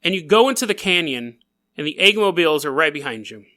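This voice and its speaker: A bright-voiced man hosts a podcast, spinning a strange tale with a lively, swooping delivery. He giggles through his lines and keeps wandering off on jokey tangents. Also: fairly high pitch, fast. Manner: riffs and goes off on tangents. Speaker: podcast host. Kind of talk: comedic storytelling narration.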